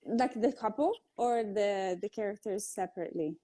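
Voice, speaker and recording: A woman's voice: medium pitch, moderate pace, dark tone. A woman with an Italian accent, giggly and self-deprecating in a casual chat on a phone live stream. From Italy.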